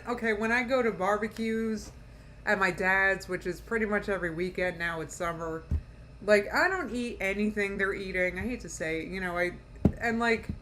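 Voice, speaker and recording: A woman's voice: mid-range voice, fairly bright tone, slight background noise. A woman streaming a live reaction, mocking what she watches, laughing often and talking to her chat. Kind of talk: casual live reaction commentary.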